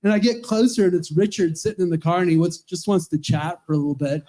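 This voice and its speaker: A man's voice: high voice, fairly even intonation, fast, mellow. A man in his fifties, an Episcopal priest, telling rambling, chuckling stories in a roast speech at a charity event. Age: 50s.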